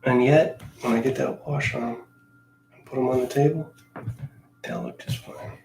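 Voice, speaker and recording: Man, gravelly voice, casual grumbling chat, self-mocking, echoey room, faint background hum. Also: mid-range voice, fairly even intonation, moderate pace, darkish tone. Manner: talks in a coaxing sing-song to his cat. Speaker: miniature painting hobbyist. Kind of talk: casual chat while painting.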